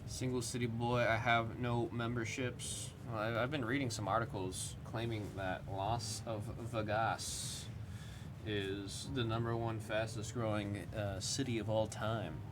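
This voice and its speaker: A man's voice: lowish voice, level tone, unhurried, noisy background. Joking man hosting a card break. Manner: joking, rambling, loose and casual; reads out player names as he goes. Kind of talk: live commentary while opening cards.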